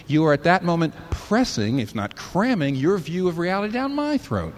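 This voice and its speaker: A man's voice: high voice, sing-song, brisk, few pauses. A man preaching a sermon, arguing hard and firing rhetorical questions at imagined objectors.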